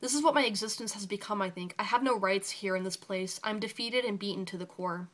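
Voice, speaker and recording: Young woman narrator, bright tone, raw intense personal story reading. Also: mid-range voice, a little fast.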